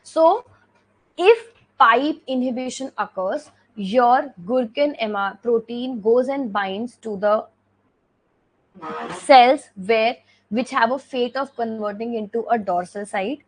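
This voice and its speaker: A woman's voice: fairly high pitch, slow pace, poor audio. A woman with an Indian English accent teaching an exam revision lecture, explaining step by step and repeating key points with frequent checks like "okay".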